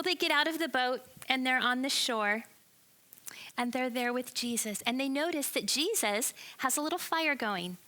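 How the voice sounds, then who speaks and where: A woman telling a Bible story to children as a church lesson, animated and expressive, asking her listeners questions. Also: a little high. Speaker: children's ministry teacher.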